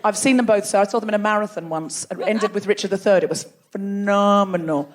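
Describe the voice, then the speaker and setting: A woman's voice: mid-range voice, brisk, background noise. A woman hosting a live comedy show, bantering playfully and teasing the audience from a theatre stage. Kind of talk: live stand-up crowd work.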